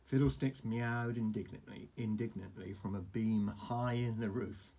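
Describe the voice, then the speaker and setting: An older man, a grandfather, reading a storybook aloud to a grandchild with gentle chatty asides. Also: lowish voice, steady tone, measured pace, few pauses. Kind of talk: storybook reading over a message.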